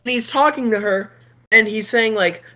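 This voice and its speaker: A streamer telling a movie plot as a comedic rant, animated and giggly, with frequent swearing. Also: medium pitch, moderate pace.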